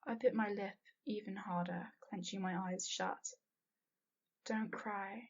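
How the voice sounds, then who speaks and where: Breathy woman reading a fanfiction aloud. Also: mid-range voice, fairly even intonation, a little slow. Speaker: fanfiction reader. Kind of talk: first-person story reading. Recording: dull lo-fi home recording.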